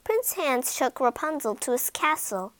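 A woman narrating a fairy tale in an expressive, dramatic storytelling manner. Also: high-pitched, a little slow, no echo, low-quality recording.

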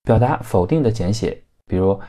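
A man hosts a language lesson podcast. He explains points steadily and clearly, like a teacher. His voice sits fairly low. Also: animated, moderate pace, dark tone. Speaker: host.

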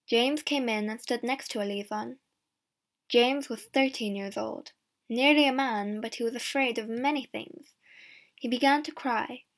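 A woman narrates a storybook in a plain, measured reading voice. Her pitch sits somewhat high. She reads each line evenly and clearly. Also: steady tone. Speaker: audiobook reader. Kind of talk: scripted narration.

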